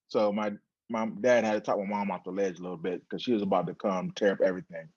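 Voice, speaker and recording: Low-voiced man telling his story. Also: quick pace, dry recording, dull audio. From San Diego, USA. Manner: animated, acts out quoted dialogue. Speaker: interview guest. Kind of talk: conversational storytelling.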